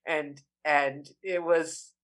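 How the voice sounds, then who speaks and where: Heartfelt woman telling her story. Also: low-pitched. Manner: heartfelt, expressive, slows down to savor words. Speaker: interview guest. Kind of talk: emotional personal storytelling.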